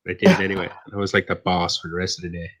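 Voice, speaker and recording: A man's voice: low-pitched, little pitch movement, racing, fairly bright tone, breathy edge. An Irish man co-hosting a live stream, rambling and teasing in casual, profane banter. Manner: teasing, rambling, swears often. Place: live online stream panel.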